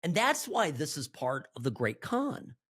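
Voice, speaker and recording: Husky, animated talk show host. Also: male voice, on the high side, a little slow. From Southern California. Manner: animated and emphatic, with frequent restarts and asides. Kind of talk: political talk radio monologue.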